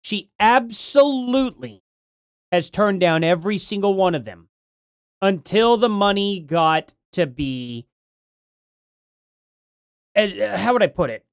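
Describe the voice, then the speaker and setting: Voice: medium pitch, lively intonation, slow pace, pauses often, no room sound. Dry-voiced, rambling live streamer. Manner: rambling, jokey, rising to heated rants. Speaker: streamer reacting to a debate.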